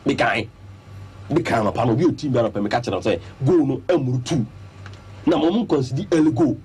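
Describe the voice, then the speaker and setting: Fairly quick and husky, a mid-range male voice with a Ghanaian accent delivers sports analysis on the radio from a studio. He is animated and emphatic, stepping through his points individually in a Twi-English mix.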